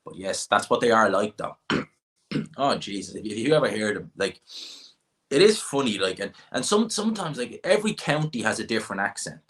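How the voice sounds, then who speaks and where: A low-pitched man hosting a casual livestream, reading out viewer questions and answering them offhand. He rambles, restarts and throws in quick asides without any rush. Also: sing-song, fairly bright tone. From Ireland. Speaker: livestream host.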